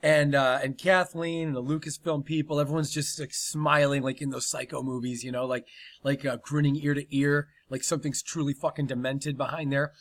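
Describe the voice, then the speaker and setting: Bright-voiced, profane male comedy host. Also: a little high, a little fast. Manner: animated, swearing, laughing.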